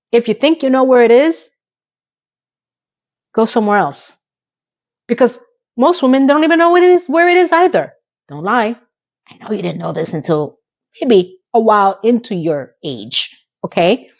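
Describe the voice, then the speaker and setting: A woman's voice: a little high, a little mellow, muffled recording. A woman recapping a TV episode in casual, sarcastic commentary with frank asides.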